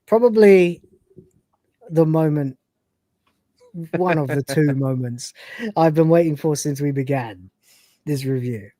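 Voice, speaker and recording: Woman host, mellow low voice, dry close sound, lively scene-by-scene retelling. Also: measured pace, pauses often, no echo. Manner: animated retelling of scenes, laughs and swears freely. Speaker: podcast host. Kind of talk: casual review chat.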